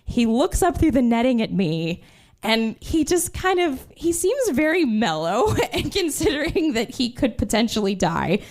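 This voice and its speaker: A woman in her twenties telling a true story on stage, animated and laughing as she goes. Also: on the high side, unhurried. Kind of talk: live storytelling.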